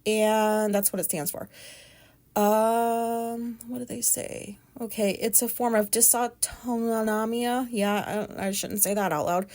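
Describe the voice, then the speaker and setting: A woman's voice: a little high, fairly even intonation, slow pace. Chatty, rambling woman podcaster. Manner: chatty, rambling, frank and self-deprecating; loud talker. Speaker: podcast host. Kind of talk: casual solo podcast monologue.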